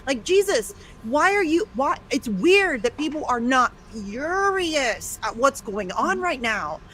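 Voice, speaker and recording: Casting: high-pitched woman, furious and emphatic, faint rumble behind. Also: big pitch swings, slow pace, a bit bright. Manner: indignant, emphatic, swears. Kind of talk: angry political rant.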